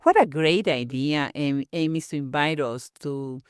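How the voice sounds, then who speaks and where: A woman's voice: low-pitched, measured pace, smooth, dry recording. Woman host, dry sound. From Mexico. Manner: warm affirming interjections, switches to Spanish. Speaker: podcast host. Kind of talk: interview questions.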